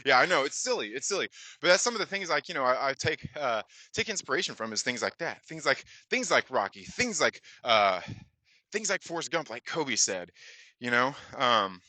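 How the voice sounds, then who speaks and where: A man's voice: medium pitch, very animated, moderate pace, sharp tone, no room sound. A man hosting his own channel, telling a casual story full of fillers and acting out the dialogue. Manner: rambling, many fillers, acts out dialogue. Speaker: channel host.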